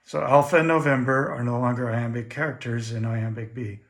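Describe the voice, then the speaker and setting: Everyday male hobbyist, mid pitch, methodical how-to delivery, echoey room. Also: fairly even intonation. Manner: plain, methodical, frequent "uh" pauses. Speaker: ham radio operator teaching Morse keying. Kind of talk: casual how-to demonstration. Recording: echoey room with faint noise.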